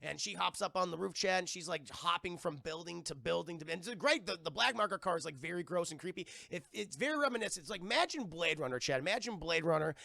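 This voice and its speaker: A man's voice: sits high, animated, fast, creaky, hardly any pauses, bright, forceful tone. A man who streams cartoon reviews, recapping an episode in a rambling, profane way and addressing his chat. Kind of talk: casual livestream episode recap.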